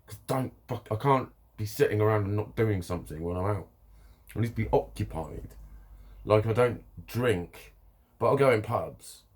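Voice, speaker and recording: Rambling man, slightly low voice. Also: normal speed, breathy edge. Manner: rambling, profane, animated storytelling. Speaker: vlogger. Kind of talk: casual monologue to camera.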